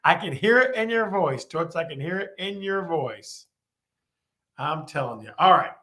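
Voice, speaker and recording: A man's voice: fairly high pitch, animated, moderate pace, pushed and bright. A man hosting a live-streamed real estate show, talking with lots of energy and repeating his questions to the viewers.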